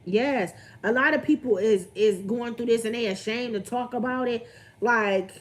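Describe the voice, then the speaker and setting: A woman's voice: on the high side, moderate pace. A young woman, venting candidly on her livestream and greeting viewers as she talks. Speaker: vlogger on a livestream.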